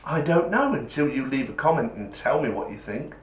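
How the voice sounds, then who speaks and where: Chatty man with lively pitch. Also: brisk. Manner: chatty, homely, repeats sign-off requests. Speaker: vlogger. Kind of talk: casual vlog talk and joke telling. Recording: roomy echo.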